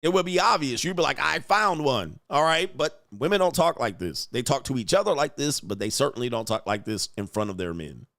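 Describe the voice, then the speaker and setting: A man's voice: mid-range voice, animated, a little fast, hardly any pauses, fairly bright tone, no echo, clean studio sound. A man hosting a reaction commentary show, talking in a blunt, crude and mocking way with lots of slang. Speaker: commentary host.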